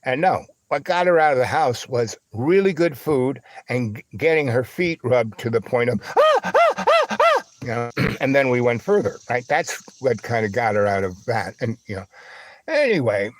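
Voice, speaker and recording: A man hosting a livestream spins a long, winding anecdote, piling up fillers and asides. His voice sits at a middling pitch, and the recording is dry and close. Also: lively intonation, moderate pace, no room sound. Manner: rambling storyteller, full of fillers and asides; acts out other voices with big high squeals. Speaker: livestream host. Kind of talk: rambling anecdote.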